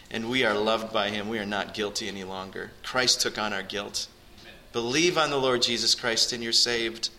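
A man preaching in a church, his voice very bright and ringing. He speaks earnestly and directly to the people in front of him, lifting his pitch and volume to press home each point. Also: rough recording. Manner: earnest, rises in pitch and volume for emphasis, addresses the congregation directly. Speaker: pastor. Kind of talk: sermon.

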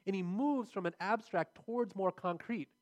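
A man's voice: high voice, moderate pace. A man preaching a sermon, earnest and building to emphatic, repeated phrases as he drives his points home.

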